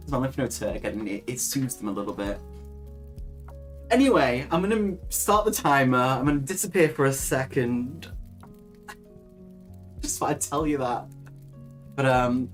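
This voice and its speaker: A young woman hosting a casual live stream, chatting with viewers, reading their comments aloud and laughing often. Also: a bass voice. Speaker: livestream host.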